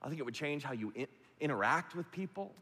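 A man's voice: a little high, animated, quick pace. Emphatic preaching man in echoing hall. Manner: emphatic, repetitive preaching with big swings in loudness. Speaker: pastor. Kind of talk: sermon. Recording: long hall reverb.

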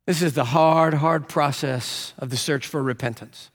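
A man's voice: unhurried, few pauses. Preacher man in a reverberant church. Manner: animated, rising to high excited pitch when quoting. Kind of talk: sermon with storytelling. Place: church sanctuary. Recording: long reverb of a church sanctuary.

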